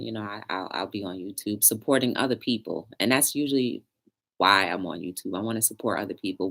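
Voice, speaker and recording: A young woman hosts a casual live talk show in a low voice. She speaks in a chatty, preachy way and answers viewers' comments as she goes.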